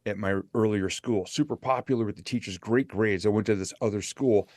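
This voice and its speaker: A man's voice: on the low side, brisk, darkish tone, no room sound. A middle-aged man, a motivational speaker, telling a candid personal story as an interview guest.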